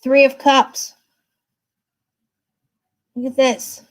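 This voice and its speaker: With a high-pitched, monotone voice and drawn-out words, a tarot card reader at her desk gives a casual live reading. She stays chatty and reassuring, often checking in with the listener. The recording sounds rough.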